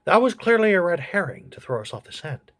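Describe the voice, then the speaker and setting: A man voicing a crude, gossipy old male politician who reviews a TV show in a comedy sketch, with a husky voice. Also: sits high, sing-song, fairly quick, a bit bright, full character voice. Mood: snarky.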